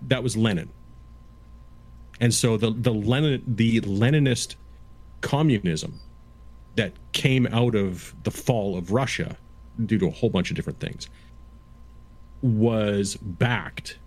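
A man in his fifties chatting casually, explaining at length in a halting way with frequent restarts. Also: on the low side, a little mellow. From Canada. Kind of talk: casual chat.

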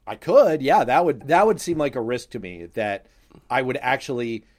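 A man's voice: mid-range voice, animated, moderate pace, darkish tone. A man hosting a radio and podcast interview, asking curious questions with a joking manner over a video call. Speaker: host. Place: home office on a video call.

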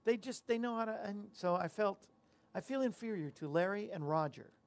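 High-voiced, chatty male talk-show host. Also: expressive, normal speed. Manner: rambling, self-deprecating, chatty. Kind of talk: casual talk-show chat with jokes.

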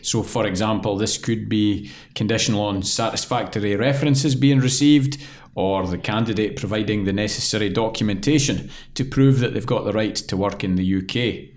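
A man's voice: lowish voice, moderate pace. Chatty man co-hosting a podcast. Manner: chatty, jokey, explains step by step. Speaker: podcast co-host, employment lawyer. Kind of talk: casual chat and explaining.

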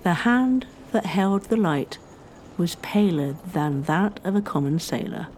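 Mellow woman narrating history. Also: lowish voice, expressive, slight background noise. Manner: measured storytelling.

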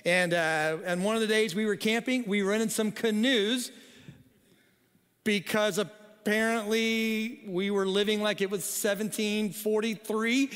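A man's voice: sits high, steady tone, measured pace, fairly bright tone, smooth. A middle-aged man, a pastor, telling a funny family story in a sermon, with frequent "okay?" asides. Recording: long hall reverb.

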